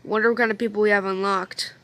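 A woman's voice: medium pitch, level tone, fast talker, fairly bright tone. A woman casually commenting on a game she is playing, upset and rambling, with self-deprecating asides. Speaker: let's play gamer.

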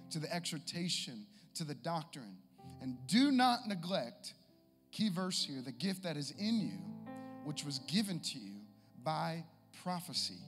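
A man preaching a sermon, moving from easy conversational talk to shouted exhortation. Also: a little high. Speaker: pastor. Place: church sanctuary. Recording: long hall reverb with music. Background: live guitar and keys.

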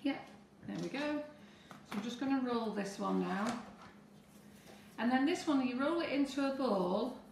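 A woman's voice: fairly high pitch, animated, unhurried, creaky, a little mellow, far from the mic, a little hiss or hum. A woman teaching cake decorating on a live stream, chatting to viewers as she works through each step. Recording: echoey room, away from the mic.

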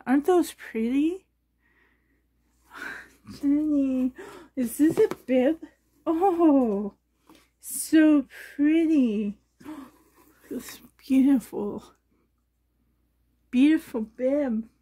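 A woman talks through a gift unboxing in a vlog, gushing with breathy exclamations and sounding emotional and a little shaky. Her voice sits high but mellow, and she draws every word out very slowly. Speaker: reborn doll collector vlogger.

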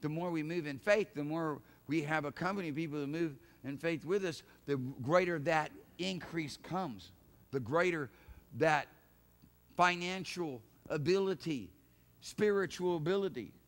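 A man preaching a sermon from a church pulpit in a folksy way, with rhetorical questions, dropping to low murmurs and then rising to loud, shouted emphasis. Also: unhurried. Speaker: pastor. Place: church sanctuary.

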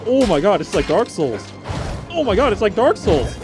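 A man giving loud, excitable commentary while playing a video game, full of exclamations and laughter. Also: sits high, normal speed. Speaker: gaming streamer. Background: game music.

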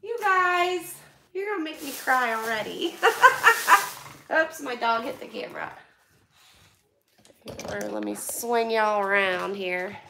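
Woman, Western Pennsylvania accent, bright gushing vlogger, unhurried, echoey home room. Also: on the high side, creaky, a little hiss or hum. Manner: gushing, excitable. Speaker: vlogger opening donations. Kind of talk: casual live stream chat.

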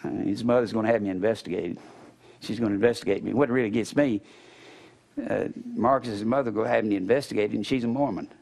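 A middle-aged man, preaching a sermon in church in a folksy storytelling way, acting out other people's words and swinging between loud and soft. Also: lowish voice, steady tone, fast talker, gravelly. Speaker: pastor.

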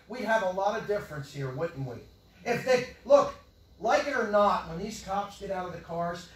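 Older guy preaching fired up, high voice, yells then mutters, echoey church from far off. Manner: impassioned, swings from yelling to low mutters. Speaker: pastor. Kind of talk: sermon. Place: church hall.

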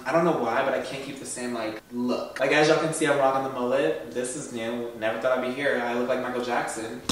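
A young man with a fairly high voice, talking to camera in a sassy, campy vlog, swearing freely. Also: fairly bright tone, slight background noise. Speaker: vlogger. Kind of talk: casual vlog talk to camera. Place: Los Angeles, outdoors and at home. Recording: music playing behind.

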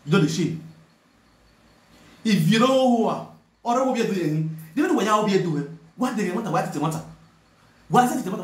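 Here a high-pitched man speaking Nigerian Pidgin English berates someone directly, repeating himself as he confronts them. He presents online videos, and this rant to the camera was recorded in an echoey room.

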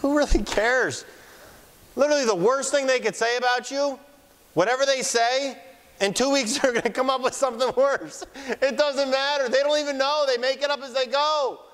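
A man preaching a fiery sermon in church, mocking opponents and shouting for emphasis. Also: extremely high pitch, normal speed. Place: church sanctuary. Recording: long church hall reverb.

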